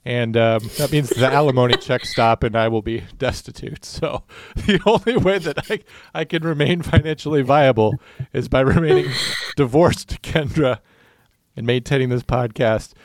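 Co-hosting a laid-back podcast, a former police officer jokes and rambles his way through stories, leaning heavily on fillers. He speaks at a moderate pace in a mid-range voice, recorded in studio quality without any room sound.

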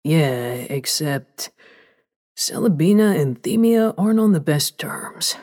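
A woman puts on a deep, slightly breathy young man in this audiobook. He is relaxed and sincere, a helpful partner who speaks plainly. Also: slow pace, full character voice. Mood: earnest. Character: laid-back, eager-to-help young man. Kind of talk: audiobook character voice.

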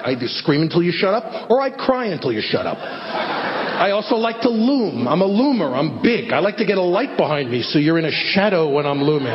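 Middle-aged male stand-up, self-deprecating storyteller, dull lo-fi hall recording with faint hiss. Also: on the high side. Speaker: stand-up comedian. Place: theater stage before an audience.

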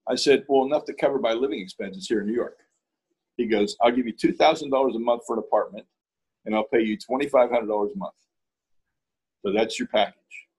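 A man's voice: mid-range voice, brisk, darkish tone, slightly rough, rough recording. A man from Pittsburgh, a guest in an interview, telling a story in a casual way and acting out both sides of the dialogue.

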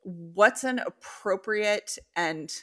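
A woman's voice: medium pitch, drawn-out words, sharp tone. A woman hosting a podcast, reading listener stories aloud and then chatting candidly with her guest. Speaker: podcast host. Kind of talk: casual podcast conversation.

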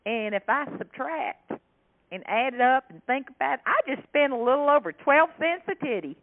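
A woman's voice: high voice, expressive, normal speed, pitched above the performer's own voice. A woman voicing a sweet-talking, blunt country woman with a Southern drawl. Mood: blunt, chatty. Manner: chatty, plainspoken. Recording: tinny phone line.

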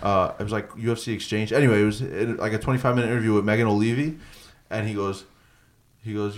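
Brief: male co-host, quick delivery, retells stories in a lively casual way. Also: on the low side. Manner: animated storyteller, slangy. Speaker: podcast co-host. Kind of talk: casual sports chat.

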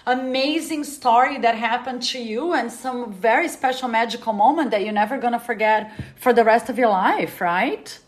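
A woman's voice: on the high side, normal speed, few pauses. A woman hosting a podcast, chatting casually and enthusiastically with her guest. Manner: enthusiastic, laughs along. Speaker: podcast host. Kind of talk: casual interview chat.

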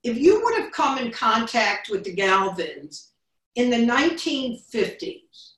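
A woman's voice: a little high, very animated, unhurried, fairly bright tone. A woman hosting a bookstore author interview, reading a prepared introduction and then asking questions. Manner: reads a scripted introduction, then asks questions. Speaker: bookstore event host. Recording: echoey room, distant mic.

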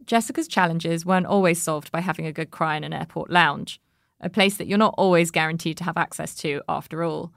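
A woman hosting a podcast, reading scripted narration and asking interview questions in a measured, reflective way. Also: low-pitched, vocal fry, fairly bright tone, no echo, clean studio sound. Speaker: podcast host.

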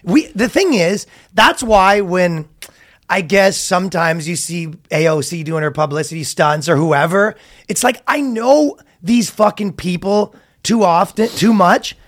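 A man with a notably high speaking voice chats on a comedy podcast. He tells stories in a crude, joking way and swears a lot. It's loose, casual podcast talk into a studio mic. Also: unhurried. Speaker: podcast host.

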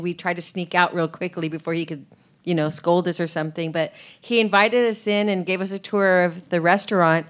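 A woman chatting on a live podcast panel, talking warmly and laughing often. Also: lowish voice, clean tone. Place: theater on a cruise ship, live audience.

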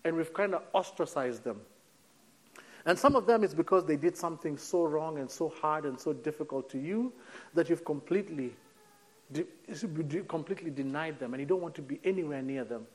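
A male preacher with a high, bright voice delivers a sermon in a church hall. He sinks to a soft hush on key words and slows down for weight, then lifts his voice again. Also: animated. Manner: preaching with dramatic drops to a near hush and sudden lifts; slows right down on key phrases. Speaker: pastor.

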